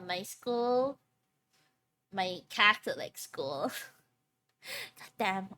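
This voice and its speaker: Young female streamer, higher voice, giggly rambling live-stream chat. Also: bright, forceful tone, a little hiss or hum. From Philippines. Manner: chatty and giggly, rambling with frequent restarts.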